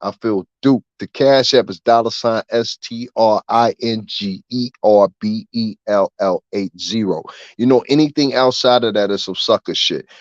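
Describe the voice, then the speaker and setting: A man ranting straight at his listeners, cursing freely and rambling from one point to the next, his voice climbing when he gets heated. His voice sits at a middle pitch. The recording sounds dry and a little dull and lo-fi. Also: normal speed, dry recording. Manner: profane, animated, rambling. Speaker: vlogger. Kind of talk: ranting commentary.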